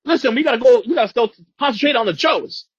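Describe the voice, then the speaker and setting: A man voicing a panicky, scheming male villain commander in a shrill, whiny voice. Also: animated, quick pace, husky, dry recording, heavily acted. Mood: dismissive. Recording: dull lo-fi sound.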